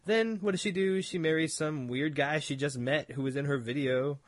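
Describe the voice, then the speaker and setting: A man's voice: on the high side, steady tone, moderate pace, no echo. A man from Halifax, Canada, co-hosting a podcast in casual chat, rambling with laughing asides and mocking imitations. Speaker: podcast co-host.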